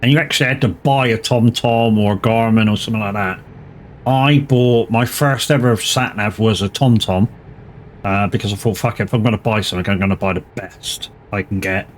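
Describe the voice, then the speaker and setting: A man's voice: lowish voice, brisk, slight background noise. A man, chatting casually and joking with plenty of swearing as a live streamer. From Plymouth, England. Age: 40s. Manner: joking and profane, laughs often. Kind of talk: casual chat while playing a truck driving game.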